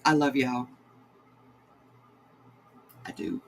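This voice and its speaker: A woman, a crochet host chatting to her livestream viewers in a sentimental, halting way. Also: extremely low pitch, expressive, creaky, slight background noise, poor audio. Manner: sentimental, halting, many restarts. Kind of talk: casual livestream chat to viewers.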